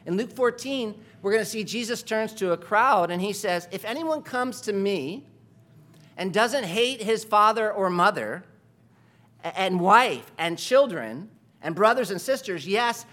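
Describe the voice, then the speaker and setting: A man preaching a sermon, emphatic and full of rhetorical questions, moving between quiet asides and loud stresses. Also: high-pitched.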